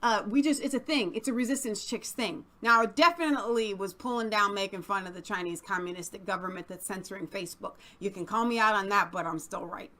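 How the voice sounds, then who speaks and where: Sassy, bright-voiced woman co-host. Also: medium pitch, a little fast, hardly any pauses. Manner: sassy, animated, teasing. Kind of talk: opinionated casual chat.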